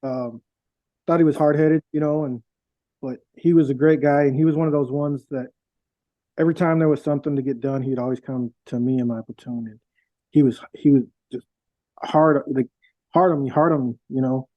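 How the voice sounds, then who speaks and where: A man's voice: medium pitch, fairly even intonation, normal speed, no room sound. A middle-aged man, a veteran guest, tells his stories in a casual, rambling way with many fillers and restarts. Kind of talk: casual storytelling. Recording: dull, dry lo-fi sound.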